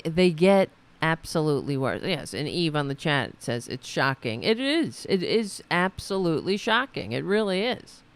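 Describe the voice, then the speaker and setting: A woman hosting a political commentary livestream, talking in an indignant, sarcastic and profane way. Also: on the low side. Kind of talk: livestream commentary reacting to clips.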